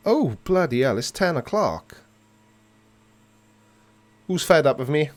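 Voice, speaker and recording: A man's voice: a little high, sing-song, slow pace. A man hosting a casual live chat with viewers, answering their comments playfully and pulling mock disgust. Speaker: livestream host.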